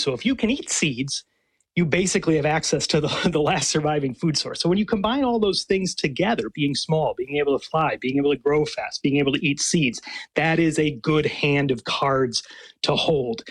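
An enthusiastic male scientist speaks in a slightly higher, husky voice. He explains at length and laughs lightly as he goes. The sound is dry and close. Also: no room sound. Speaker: paleontologist and professor. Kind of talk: radio interview answers.

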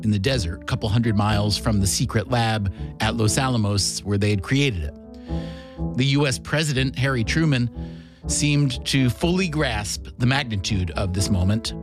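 A man narrating a documentary-style podcast in a measured, scripted way. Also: mid-range voice, over music. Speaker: podcast host.

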